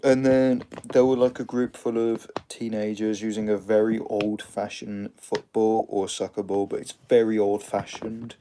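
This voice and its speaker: A man's voice: lowish voice, flat delivery, normal speed, few pauses, warm tone, slight background noise. A man with an English accent casually retelling a story in a loose, rambling way, full of fillers and restarts.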